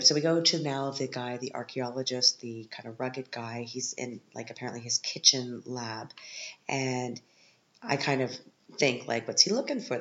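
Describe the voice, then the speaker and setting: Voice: medium pitch, fairly bright tone, lo-fi sound. Sarcastic podcaster in an echoey living room. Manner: sarcastic, rambling with asides. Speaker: podcast host. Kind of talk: casual film recap.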